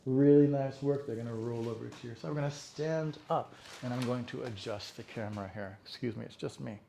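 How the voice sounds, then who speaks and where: Male fitness instructor, mellow voice, cueing reps with praise; roomy room, faint background hiss. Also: mid-range voice, steady tone, fairly quick, gravelly. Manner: encouraging, counts reps, frequent praise. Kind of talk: guided exercise class cueing.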